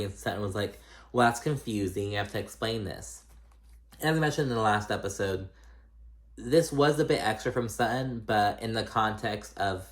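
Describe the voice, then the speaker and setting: A man recapping a reality show in casual, chatty talk, animated and swearing freely. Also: fairly low pitch. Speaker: recap vlogger.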